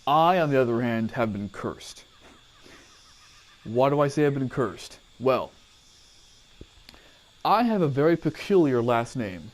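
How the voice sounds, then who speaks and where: A man's voice: medium pitch, big pitch swings, measured pace, pauses often. A man telling a personal story casually, rambling, cursing and often correcting himself.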